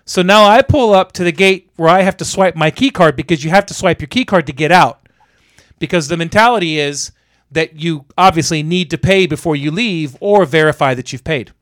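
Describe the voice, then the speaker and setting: A man with a high voice tells a story in a loose podcast chat, cursing freely and acting out each person he quotes. His voice sits close and dry on the mic, with no room sound around it. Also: a little fast, no echo. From Florida. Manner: animated, profane, acts out quoted voices. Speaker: podcast co-host.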